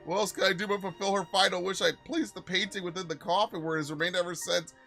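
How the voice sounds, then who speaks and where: A solemn, formal tomb keeper, read aloud by a male game streamer, telling his tale in measured words. Faint music plays behind. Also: high voice, fairly even intonation, fairly bright tone, voice pushed up.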